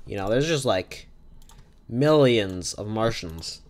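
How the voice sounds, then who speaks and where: A man's voice: lowish voice, animated, takes it slowly. A man hosting a podcast, improvising a silly, rambling comic story and often correcting himself. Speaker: podcast host.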